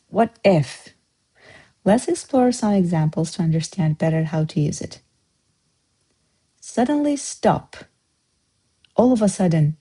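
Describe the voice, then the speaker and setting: A woman teaching a word-of-the-day language lesson, explaining slowly and repeating words for learners. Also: medium pitch, dark tone, breathy edge, rough recording. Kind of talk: vocabulary lesson.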